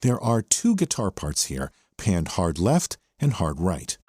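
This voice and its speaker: A man's voice: low voice, huge pitch swings, measured pace, very noisy. A man hosting a podcast, enthusiastically explaining a song section by section. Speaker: podcast host. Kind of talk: song breakdown commentary. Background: the song playing underneath.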